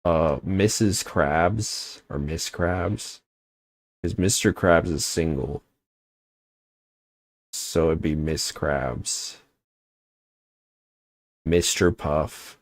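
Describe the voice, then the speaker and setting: A man's voice: low voice, extremely slow, pauses often, no room sound, studio quality. A young man streaming a game, chatting casually in a rambling, joking way and often cutting himself off. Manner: rambling, joking, self-interrupting. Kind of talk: casual gaming livestream chat.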